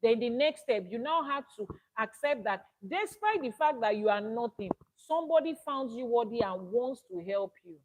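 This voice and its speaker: A woman's voice: a little high, animated, normal speed, hardly any pauses, poor audio. A woman with a Nigerian accent, an Ifá priestess giving a spoken teaching broadcast, arguing through rhetorical questions.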